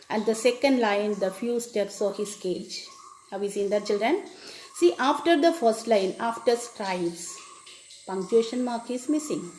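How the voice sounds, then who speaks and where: A woman teacher, explaining a poem to children and repeating each definition slowly. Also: fairly high pitch, a little mellow. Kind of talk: classroom lesson on a poem. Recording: echoey room with faint background noise.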